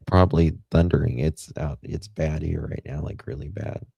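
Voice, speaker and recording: Deep gravelly dude co-hosting a stream, chill, short replies, dry close sound. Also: male voice, fairly even intonation, moderate pace, dark tone, dry recording. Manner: laid-back, brief agreeing replies. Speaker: co-host. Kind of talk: casual livestream chat.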